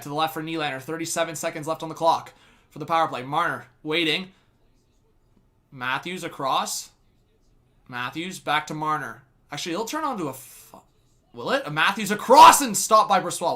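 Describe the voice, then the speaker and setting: A young man streams fan play-by-play of a hockey game in a fairly high, bright voice. He laughs often between calls and breaks into loud excited shouts when a play heats up. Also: fairly quick. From Canada. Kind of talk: live fan play-by-play commentary.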